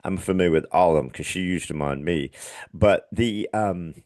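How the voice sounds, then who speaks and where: A man hosting a podcast, chatting casually in a blunt, profane, animated way. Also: sits low, moderate pace, no room sound. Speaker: podcast host. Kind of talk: casual interview chat.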